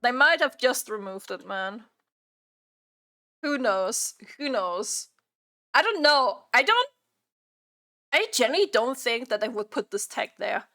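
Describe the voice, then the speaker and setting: Woman streamer ranting to chat, keeps repeating herself, fairly high voice. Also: lively intonation, measured pace, bright, forceful tone. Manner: exasperated, repeats her own phrases. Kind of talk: live stream reaction chat.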